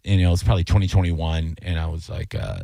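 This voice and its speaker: A man's voice: low-pitched, flat delivery, fast, creaky, mellow, no room sound. A man hosting a radio show, rambling and joking in casual banter with plenty of fillers. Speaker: radio host.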